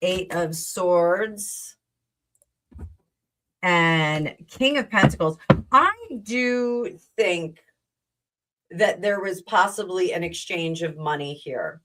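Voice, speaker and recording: A woman with a notably low voice hosts a casual live tarot stream. She talks in a loose, rambling way, full of ums and asides to her audience. She grew up in New Jersey. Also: takes it slowly, long pauses, fairly bright tone, a little hiss or hum, rough recording. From New Jersey, USA. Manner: rambling, chatty, with many fillers and asides to viewers. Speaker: tarot reader and livestream host.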